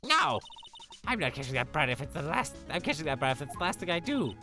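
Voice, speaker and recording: A man's voice: fairly high pitch, big pitch swings, fast, bright, forceful tone, faint music behind, full character voice. A man voicing a cranky, breathless old woman security guard in a video game, huffing and puffing between words. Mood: furious.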